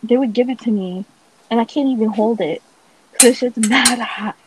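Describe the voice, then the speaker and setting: A woman's voice: on the high side, normal speed, noisy background. A woman co-hosting a casual podcast, chatting in a laid-back, profane way. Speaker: podcast co-host. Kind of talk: casual chat.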